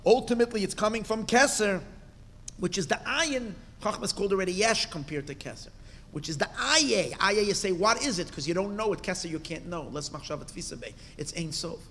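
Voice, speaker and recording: A rabbi with a high, bright voice teaching a Torah class, recorded with a long reverb that rings through the hall. He reads out each Hebrew phrase, then explains it in English with emphatic bursts and pointed questions. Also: expressive, brisk.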